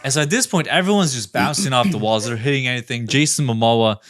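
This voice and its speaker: As a podcast panelist, a man rambles through a crude, absurd comic story packed with swearing. He speaks fast in a mid-range, slightly bright voice, with no room sound.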